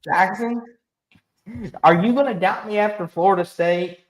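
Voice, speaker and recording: A man hosting a casual sports talk show, ranting emphatically and talking with animated energy. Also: sits high, normal speed, echoey room, low-quality recording. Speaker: host.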